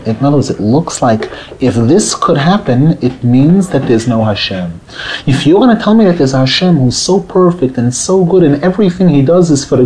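Male rabbi, mellow tone, lively lecturer who acts out quotes. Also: slightly rough, rough recording. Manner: animated, acts out quotes with rising pitch, drops to a murmur. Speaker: rabbi teaching a Torah class. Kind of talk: Torah lecture.

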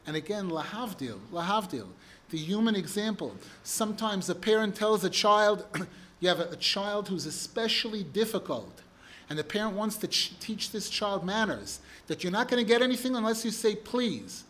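A man's voice: high-pitched, lively intonation, normal speed, a bit bright. A man teaching a religious text class, who reads passages in Hebrew and then explains them with rising emphasis. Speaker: Torah teacher.

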